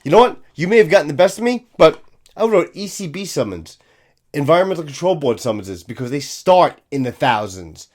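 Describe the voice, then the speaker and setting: A man rants as a police officer, emphatic and full of scorn and profanity. His voice sits high and swings widely from line to line. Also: big pitch swings, brisk, darkish tone. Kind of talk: ranting commentary.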